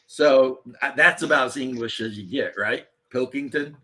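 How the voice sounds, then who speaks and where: Husky man chatting bluntly. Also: medium pitch, normal speed, pushed and bright. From Eastern Kentucky, USA. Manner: rambling, profane, blunt. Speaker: podcast host. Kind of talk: casual chat.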